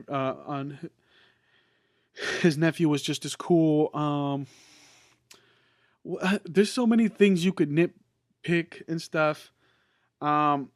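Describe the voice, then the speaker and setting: A man hosting a podcast, giving a casual, excitable movie review with plenty of swearing and restarts. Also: on the high side, no room sound, clean studio sound. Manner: excitable, swears freely, many fillers and restarts. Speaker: podcast host reviewing a film.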